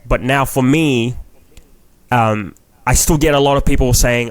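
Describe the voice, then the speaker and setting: A man's voice: mid-range voice, moderate pace, no room sound. Rambling young man with a Kiwi accent. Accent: New Zealand. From New Zealand. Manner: rambling, frank, swears freely. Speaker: comedian guest. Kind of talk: casual podcast chat.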